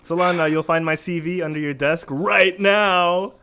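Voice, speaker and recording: A man hosting a casual gaming livestream, excitable, repeating himself and laughing often. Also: sits high, normal speed. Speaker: podcast host.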